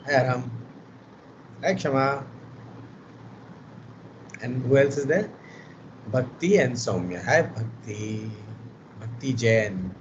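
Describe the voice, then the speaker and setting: A man's voice: medium pitch, slow pace, pauses often. A man with an Indian English accent runs an online class in a worn, tired voice, chatty and teasing, with Hindi words mixed into his English. The video-call sound is a little muffled, with faint noise underneath. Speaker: lecturer.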